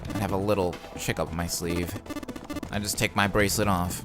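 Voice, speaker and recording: A man voicing a calm, smug man from a game, speaking in a low, measured, nerdy way. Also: over music, close to an everyday voice.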